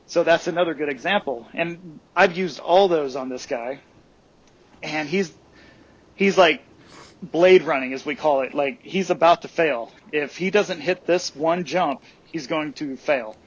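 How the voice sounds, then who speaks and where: Chatty guy, kinda high voice, keeps saying right?, dull lo-fi recording. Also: measured pace. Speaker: guest. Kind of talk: casual podcast storytelling. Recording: dull lo-fi sound.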